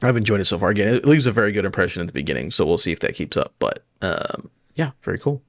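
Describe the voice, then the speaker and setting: Low-voiced profane man on a gaming podcast. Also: big pitch swings, dry recording, studio quality. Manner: blunt, profane, does quick mocking voices. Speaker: podcast co-host. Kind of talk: casual gaming podcast chat.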